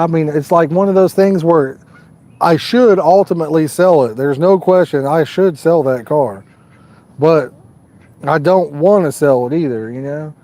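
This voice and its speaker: Folksy guy rambling on his fishing livestream, kinda high voice but mellow and dark. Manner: rambling, folksy, talks to chat viewers. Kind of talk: casual live-stream chat.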